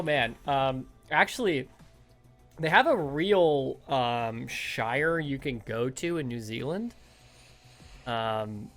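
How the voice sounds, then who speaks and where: Lively, laugh-prone man chatting on a podcast. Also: medium pitch. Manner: animated, laughs often, swears casually. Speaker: podcast host. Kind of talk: casual podcast chat.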